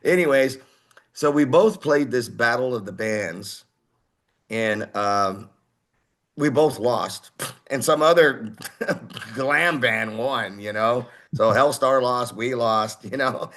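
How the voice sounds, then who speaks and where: A man in his sixties from Houston, a heavy metal singer telling stories as an interview guest in an animated way, acting out other people's voices. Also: medium pitch, slow pace. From Houston, Texas. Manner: animated, acts out quoted voices. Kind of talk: casual interview storytelling.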